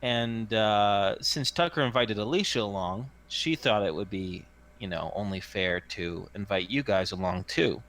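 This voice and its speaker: A man's voice: lowish voice, measured pace, hardly any pauses, a bit bright. A man narrating a tabletop game as game master, chatty and full of restarts. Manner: chatty, many fillers and restarts.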